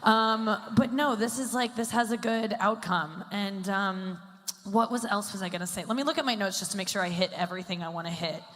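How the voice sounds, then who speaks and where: A woman's voice: medium pitch, a little fast, fairly bright tone. A woman in her thirties doing a stand-up comedy set on stage, rambling and self-deprecating with lots of "like". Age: 30s. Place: stage before a live audience. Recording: long hall reverb, faint ambience.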